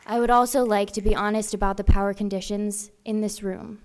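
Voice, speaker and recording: A young woman in her twenties addresses a city council with a mellow, warm tone. Her delivery is earnest and pointed, measured but firm. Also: mid-range voice, little pitch movement. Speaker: student public commenter. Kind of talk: public comment at a council meeting.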